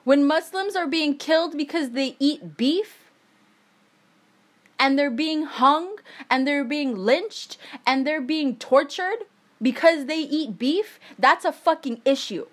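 A woman's voice: high-pitched, slow pace. A young woman in a heated, emphatic monologue, swearing often as she rants. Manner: angry, swearing, emphatic ranting.

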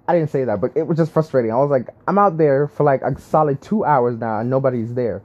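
A young man telling a casual, exasperated story about his week, often laughing, with lively swings in his voice. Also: medium pitch, quick pace, few pauses, muffled recording. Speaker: vlogger.

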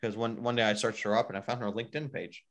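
A man with a mid-range voice talks fast as co-host of a casual music news podcast, rambling along and filling his speech with a lot of "like."

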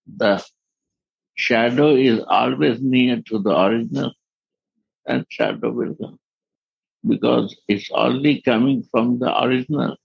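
A man giving a devotional discourse as a spiritual teacher, in halting non-native English and laughing often. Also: mid-range voice, vocal fry, breathy edge, no echo, highs cut off.

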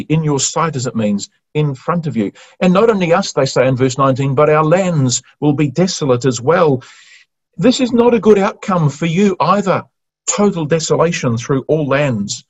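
A man preaching an earnest expository sermon, rising to emphatic questions and then slowing into soft, quiet phrases. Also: medium pitch, breathy edge. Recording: muffled lo-fi recording.

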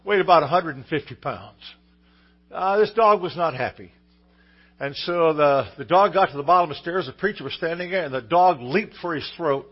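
A man's voice: on the high side, expressive, moderate pace, slightly rough, dull audio. A man preaching a sermon, telling a story in an easygoing way, with fillers and restarts. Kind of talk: sermon with a told joke story.

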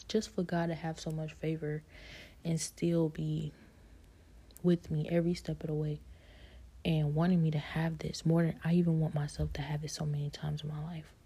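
A woman tells her faith story in a low, dark, husky voice with a gravelly edge. She speaks softly and haltingly, often dropping into a whisper, and leans on "like" and "you know". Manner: soft, halting, slipping into whispers. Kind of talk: personal faith testimony.

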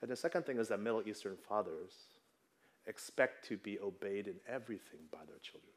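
A man's voice: lowish voice, a little fast. A man in his thirties preaching a sermon in a conversational way, often checking in with the congregation. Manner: conversational, tags lines with "right?". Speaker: pastor.

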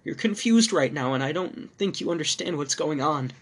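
A man voicing a frantic adulterous wife, raising his voice high and panicked as he reads a horror story. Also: animated, normal speed, slightly rough. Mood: pleading. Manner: shrill, panicked pleading.

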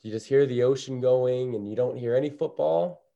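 A man co-hosting a casual sports podcast, joking and rambling, often dropping his voice low. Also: normal speed, creaky, muffled recording. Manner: jokey, rambling, drops to a hush. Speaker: podcast co-host.

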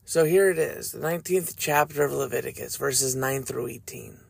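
A man hosting a faith podcast, reading scripture and speaking in an earnest, measured, reflective way. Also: medium pitch, little pitch movement, vocal fry, husky, dry recording. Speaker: podcast host.

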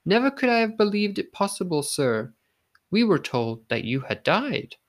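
A man's voice: sits high, big pitch swings, normal speed, pitched above the performer's own voice. A man reading a storybook, voicing a female maidservant in raised, exclaiming tones. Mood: amazed, indignant. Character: female maidservant, loyal and excitable.

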